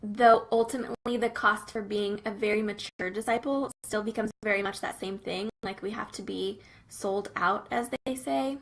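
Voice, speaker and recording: A woman's voice: mid-range voice, fairly even intonation, moderate pace, hardly any pauses, rough recording. A young woman giving an earnest, casual talk about faith and business, with many fillers and a conversational manner. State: briefly teary-eyed. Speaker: Christian business coach.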